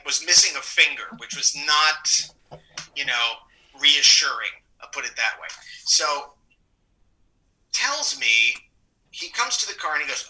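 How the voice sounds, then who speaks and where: A middle-aged male actor recounts his career in an interview. His voice is bright and forceful, a touch higher than most men's, and he acts out the people he quotes with plenty of laughter. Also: rough recording. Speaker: actor guest. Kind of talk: anecdotal interview storytelling.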